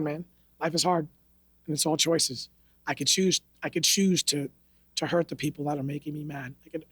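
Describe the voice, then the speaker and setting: Blunt, husky-voiced man from New York. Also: a little high, a bit bright, dry recording. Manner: blunt, profane, streetwise. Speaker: martial arts instructor, podcast guest. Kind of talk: casual interview storytelling. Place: podcast studio.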